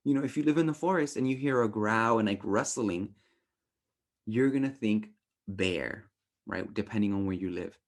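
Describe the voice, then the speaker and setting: A young adult man teaching a relationship workshop in a casual, animated way, often acting out quoted thoughts in playful voices. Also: on the low side, moderate pace.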